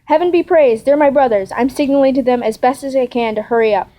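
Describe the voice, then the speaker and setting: A woman's voice: on the high side, fairly even intonation, quick pace, dark tone, natural voice, rough recording. A woman reading aloud the part of a frightened young wife begging for time. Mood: pleading. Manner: pleading, urgent.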